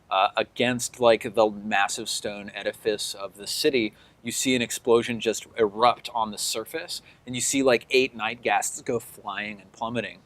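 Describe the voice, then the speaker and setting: A man's voice: mid-range voice, fairly bright tone, dry recording. A man running a tabletop game as game master, describing the scene in a loose way full of fillers like "like" and "uh".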